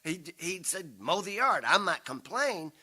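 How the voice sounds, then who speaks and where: A man in his 60s, a guest speaker and folk singer, tells rambling, self-deprecating family stories to a congregation at a spiritual center, broadcast live. He acts out the voices he quotes in a high, husky, sharp-toned voice with big pitch swings and an unhurried pace.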